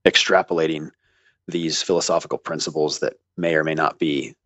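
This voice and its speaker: A man's voice: very deep voice, steady tone, a little fast, fairly bright tone, no echo, muffled recording. A man who went to seminary, explaining theology in casual conversation, thoughtful and hedging, with the odd dry joke. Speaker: guest, seminary graduate.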